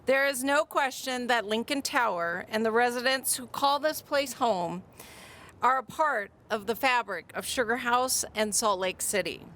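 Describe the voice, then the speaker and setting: A woman's voice: a little high, unhurried, a bit bright. A woman from Minnesota, a city mayor, giving a composed, prepared speech at an outdoor event. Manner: composed, formal after a joking opening.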